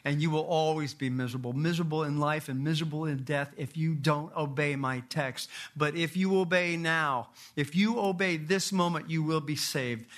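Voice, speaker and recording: A man acting out an old country lay preacher who shouts and repeats his plea in rustic grammar. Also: fairly high pitch, moderate pace, few pauses, close to an everyday voice. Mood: exhorting.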